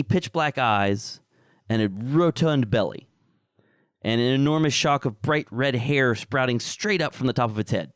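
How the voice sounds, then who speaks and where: A man narrates a tabletop game as game master. His descriptions are casual, with fillers along the way. His voice sits at a middle pitch, and the sound is dry and close. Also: smooth, dry recording.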